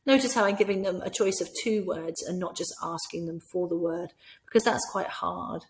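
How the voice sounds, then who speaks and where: A woman with a Scottish accent gives practical teaching advice in an instructional tone. She often breaks into a bright, lively voice to act out talking with imagined children. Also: lowish voice, normal speed. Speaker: teacher trainer. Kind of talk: instructional talk with classroom role-play.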